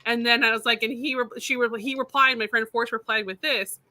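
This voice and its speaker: A woman's voice: on the high side, steady tone, brisk, sharp tone. A woman co-hosting a casual livestream chat, telling stories and laughing often while she gets over being sick. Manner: chatty storyteller, laughs often. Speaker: co-host.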